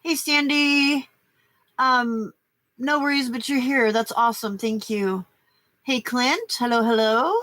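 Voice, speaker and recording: A woman's voice: fairly high pitch, fairly even intonation, slow, fairly bright tone, no room sound. An older woman hosting a late-night craft livestream, chatting casually with a stuffy nose, rambling and greeting viewers by name. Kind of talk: casual chat while crafting.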